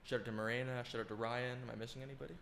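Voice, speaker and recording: A young man co-hosting a podcast, chatting in a relaxed, rambling way with plenty of fillers. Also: medium pitch, very fast, vocal fry, reverberant, a little hiss or hum. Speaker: podcast co-host. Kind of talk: casual chat.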